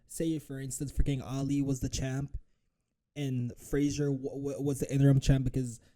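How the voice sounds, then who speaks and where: A man reacting live to a press conference clip, swearing often and mocking the speakers with quick impressions. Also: medium pitch. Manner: profane, animated, mocks with impressions. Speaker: reaction streamer.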